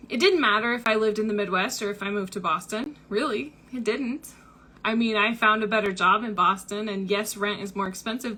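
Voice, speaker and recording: A woman's voice: mid-range voice, sharp tone. A young woman hosting a book club livestream, telling personal stories candidly in a chatty way full of fillers. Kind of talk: casual livestream chat.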